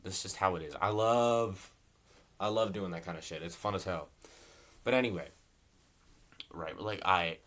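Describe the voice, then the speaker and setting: A young man with a fairly low voice tells a long, rambling story in his bedroom. He swears freely and fills every line with "like" and "bro", loose and casual from start to finish. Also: moderate pace, pauses often, a bit bright. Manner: rambling and profane, heavy on "like" and "bro". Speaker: storytelling vlogger.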